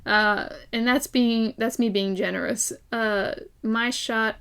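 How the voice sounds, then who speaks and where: A woman's voice: fairly high pitch, fairly even intonation, slow, creaky, few pauses, a bit bright, smooth. A young woman from Ireland chatting casually and enthusiastically in a fan review vlog, laughing often. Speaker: vlogger.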